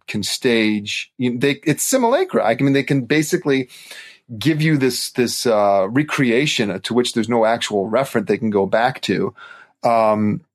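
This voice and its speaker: Thoughtful man discussing films. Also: mid-range voice. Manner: thoughtful, analytical, with restarts. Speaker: podcast co-host. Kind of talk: casual film discussion.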